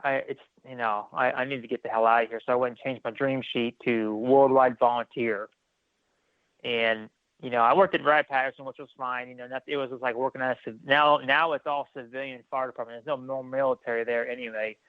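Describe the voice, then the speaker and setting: A man's voice: mid-range voice, fairly quick, no echo. Man telling a story over a tinny line. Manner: animated, re-enacts dialogue, many restarts. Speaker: podcast guest, former military firefighter. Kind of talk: casual storytelling interview.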